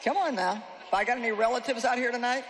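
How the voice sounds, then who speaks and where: A woman's voice: fairly high pitch, fast talker, a loud crowd. Woman preaching with teasing humor in a hall. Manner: conversational, humorous, teasing the audience. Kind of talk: sermon. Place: large hall with live audience. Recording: reverberant hall, faint noise.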